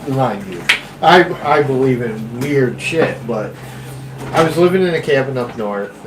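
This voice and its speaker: A man's voice: mid-range voice, lively intonation, a little slow. A man casually telling a rambling, swearing story in a room at home, recorded from a distance. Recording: roomy, distant mic with clear background noise.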